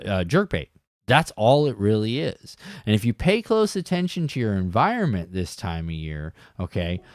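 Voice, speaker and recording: A man's voice: mid-range voice, a little mellow, no echo, clean studio sound. A man hosting a live fishing show from his desk, talking casually through lures and restarting his sentences. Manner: chatty, explains with stops and restarts. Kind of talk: casual live-stream tackle talk. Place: home desk.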